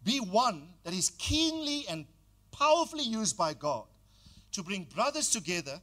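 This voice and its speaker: A man's voice: sits high, big pitch swings, measured pace, a bit bright. An older man preaching a sermon as pastor, exhorting the congregation and calling on them to repeat phrases.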